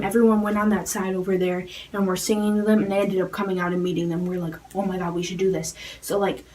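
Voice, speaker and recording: Fast-rambling teenage girl, slightly off-mic. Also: mid-range voice, a little mellow, distant mic, rough recording. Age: teens. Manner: rapid rambling with constant "like" fillers. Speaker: fan vlogger. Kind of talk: casual storytelling to camera.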